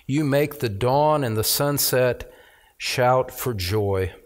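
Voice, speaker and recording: A middle-aged pastor preaches a sermon in a medium-pitched voice. He reads scripture aloud, slowing on certain phrases and stressing key words with mounting emphasis.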